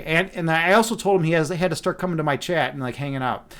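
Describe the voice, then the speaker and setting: A man with a high-set voice chats with his stream audience in a relaxed, joking way. He wanders through his thoughts and often restarts his sentences. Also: rapid-fire. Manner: playful, loose, many fillers and restarts. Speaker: livestream host reading chat. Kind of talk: casual rambling chat.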